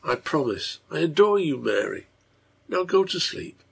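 A man voicing a troubled drunkard father who speaks tenderly to his sick daughter, with a husky, gravelly voice. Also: fairly high pitch, very animated, unhurried, pitched above the performer's own voice, exaggerated voice. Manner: gentle, tender.

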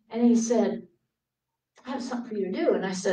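A woman preacher giving a sermon full of personal stories, acting out her younger self in a raised, pleading voice and dropping to hushed tones for quiet moments. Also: on the high side, normal speed, long pauses. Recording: roomy sound from a distant mic.

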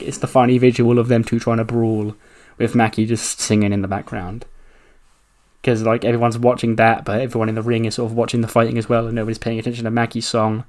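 A man gives loose, play-by-play narration of a wrestling game playthrough. He talks casually, chuckling often and throwing in the odd swear word. His voice sits at an ordinary middle pitch. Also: darkish tone.

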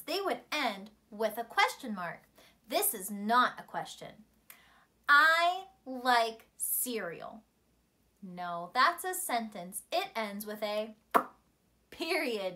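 A woman's voice: fairly high pitch, sharp tone. A woman teacher speaking to young children in an encouraging storytime lesson. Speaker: primary school teacher.

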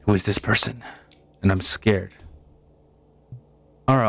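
A man's voice: fairly low pitch, expressive, slow, creaky, long pauses, fairly bright tone, husky, dry recording. A man casually commentating a horror game as he plays, swearing freely and stumbling over hard words while reading in-game documents aloud. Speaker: gamer.

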